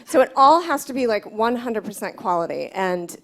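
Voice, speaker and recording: A woman's voice: a little high, sing-song, normal speed, creaky, a bit bright. A woman who works as a commercial agent, speaking frankly and chattily on a panel. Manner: chatty, frank, many fillers. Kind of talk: panel discussion.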